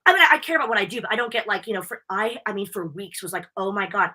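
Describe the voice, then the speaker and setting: A young American woman on a live interview podcast, chatting in a bubbly, animated, talkative way. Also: mid-range voice, racing, breathy edge. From United States. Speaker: wrestling interviewer and guest. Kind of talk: casual live interview chat.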